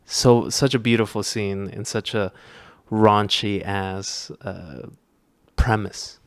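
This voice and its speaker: Young man, podcast host, slow unhurried talk, smooth clear voice, rambling with fillers. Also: on the low side, fairly even intonation, no echo. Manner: rambling with many fillers and restarts. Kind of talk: casual chat.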